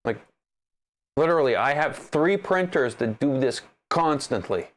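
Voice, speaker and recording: A man live-streams his 3D printer troubleshooting, talking straight to the machine. His voice is exasperated and sarcastic, and it swings widely in pitch as he grumbles. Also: lively intonation, unhurried. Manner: talks to the machine directly. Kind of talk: casual live troubleshooting commentary.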